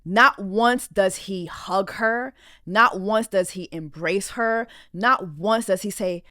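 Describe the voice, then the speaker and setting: A woman's voice: medium pitch, takes it slowly, sharp tone, no echo. Blunt, indignant woman host, dry sound. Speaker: podcast host. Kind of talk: reaction commentary on a reality show clip.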